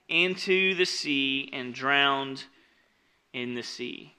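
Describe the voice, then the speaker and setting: Male preacher, mid-pitched, very bright timbre, informal scripture talk with loud and quiet swings. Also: extremely slow, clean tone. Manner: conversational, with frequent "like" and "right?" asides; swings between loud emphatic reading and quiet lowered asides. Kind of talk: casual sermon, reading and explaining scripture.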